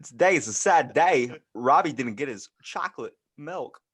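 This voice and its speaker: A man doing a slow, halting impression of a famous actor, with oddly stressed words. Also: mid-range voice, lively intonation, fairly bright tone, slightly rough, pitched above the performer's own voice. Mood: mock tragic.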